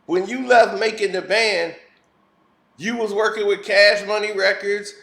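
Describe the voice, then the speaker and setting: A commentary vlogger with a high, gravelly, slightly bright voice launches into a blunt, heated and preachy opinion rant. He keeps a steady tone and measured pace, and his voice rings in a roomy echo.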